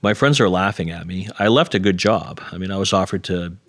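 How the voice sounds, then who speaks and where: Man, middle-aged, very deep voice, earnest storytelling, self-deprecating, dry sound. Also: animated, brisk, fairly bright tone, no echo. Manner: earnest, self-deprecating, quotes others in dialogue. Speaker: interview guest. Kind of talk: conversational storytelling.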